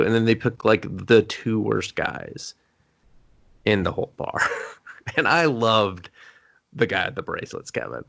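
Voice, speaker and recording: A man's voice: fairly low pitch, measured pace, creaky, long pauses, a bit bright. A man co-hosting a casual movie review chat, blunt and crude in his joking. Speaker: podcast co-host.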